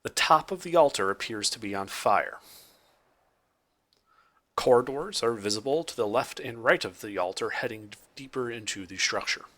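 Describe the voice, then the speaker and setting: A young man narrating as game master of a tabletop game, describing scenes with lively, casual detail and fillers. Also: medium pitch, moderate pace.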